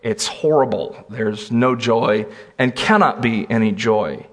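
A man preaching a sermon in a conversational way, pausing with fillers and restarting phrases. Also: medium pitch.

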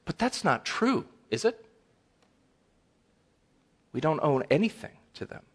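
A middle-aged man preaching a sermon as pastor, animated and conversational, acting out complaining voices in a higher pitch. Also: a little slow, slightly rough. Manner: animated, acts out whiny quotes in a higher voice.

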